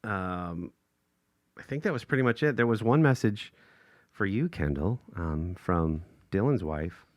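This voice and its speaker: A man on a podcast, telling a casual story in a bouncy, expressive voice that leaps up when he acts out other people. He laughs often as he talks. The sound is close and dry, with no room echo. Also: low voice, a little slow. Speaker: podcast co-host.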